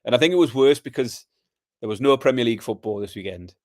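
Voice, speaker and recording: Laid-back guy on a pod, storytelling, mid pitch, dry sound. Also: quick pace, no room sound. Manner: relaxed, storytelling, says aye. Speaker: podcast co-host. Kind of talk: casual chat.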